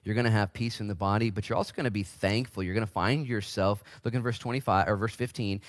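A man in his forties preaching a sermon as pastor, animated and jumping into high voices to act out the people he quotes. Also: quick pace, hardly any pauses.

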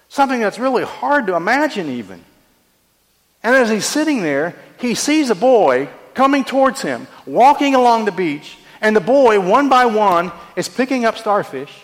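A man's voice: high-pitched, long reverb tail. A man preaching a sermon, telling a story earnestly and asking rhetorical questions. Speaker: pastor.

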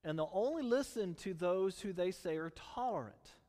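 A middle-aged man preaching a sermon in a church, in a conversational, animated storytelling manner. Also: high voice, moderate pace, big-room sound. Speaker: pastor.

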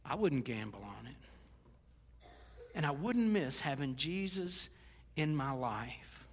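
Joking middle-aged pastor in a reverberant hall. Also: male voice, mid-range voice, very animated, slow pace, breathy edge. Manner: conversational and joking, with quoted asides. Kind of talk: sermon.

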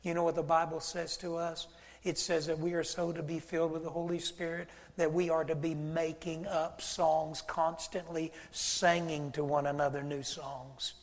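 A man's voice: fairly high pitch, little pitch movement, moderate pace. A man pastor, preaching a sermon and acting out both sides of a conversation as he tells a story. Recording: church hall reverb.

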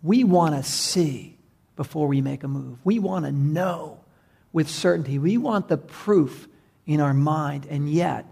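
Pastor, man, gravelly and a bit high, earnest sermon delivery with repetition. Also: unhurried, dark tone. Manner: earnest, building emphasis with repeated phrases.

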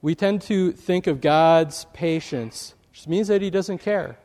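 A man's voice: fairly high pitch, slow, long reverb tail. A man preaching a sermon, telling a story with animation and acting out the voices in it. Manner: animated, acts out quoted voices.

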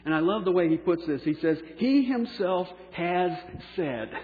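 A man's voice: sits high, expressive. Emphatic male preacher in an echoey hall. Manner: emphatic preaching, slowing down for key phrases and trailing off softly. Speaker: pastor. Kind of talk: sermon. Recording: echoey hall on a tinny phone-like line.

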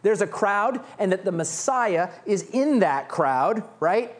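Animated male pastor preaching a sermon. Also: high voice, slow. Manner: animated preaching, reading scripture aloud, acting out a shouting beggar.

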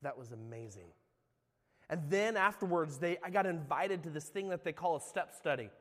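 A middle-aged man from California, a former youth pastor, sharing his personal testimony in an earnest, confessional way that swings between loud and hushed. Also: high voice, a little fast, big-room sound. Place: church.

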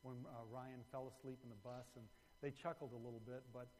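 A man preaching a sermon, telling a story with animated swings between loud emphasis and hushed moments. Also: mid-range voice, a little fast, long reverb tail, slight background noise, poor audio. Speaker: pastor.

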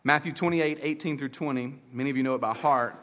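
A man's voice: medium pitch, quick pace, a bit bright. A man preaching a sermon to his church, speaking conversationally with folksy asides and playful paraphrases. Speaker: pastor.

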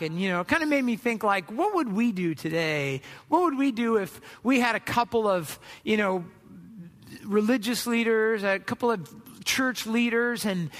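A man's voice: high voice, fairly bright tone, big-room sound. A man preaching a sermon as pastor, in a conversational way that is full of rhetorical questions.

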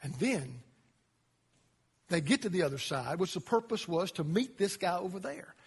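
A male pastor preaching a sermon, telling the story dramatically and dropping to quiet emphasis. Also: high voice, very animated, moderate pace, breathy edge, long reverb tail.

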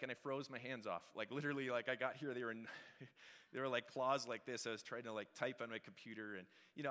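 Middle-aged male pastor, chatty and joking sermon, bright tone, long hall reverb. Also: medium pitch. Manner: conversational, joking, asks the congregation questions. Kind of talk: casual sermon. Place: church hall.

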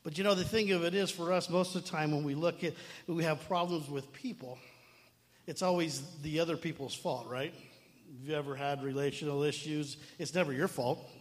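A man's voice: on the high side, steady tone, a little fast. A middle-aged male pastor preaching a sermon in a conversational way, full of asides and restarts. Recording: long reverb of a hall.

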